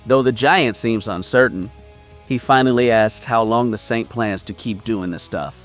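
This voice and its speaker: A man narrating a comic story recap in a steady, scripted storytelling delivery. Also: mid-range voice, normal speed, soft background music.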